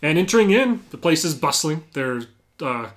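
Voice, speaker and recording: A man's voice: fairly high pitch, very animated, normal speed, a bit bright. A man narrating a tabletop role-playing game as game master, talking casually with lots of fillers.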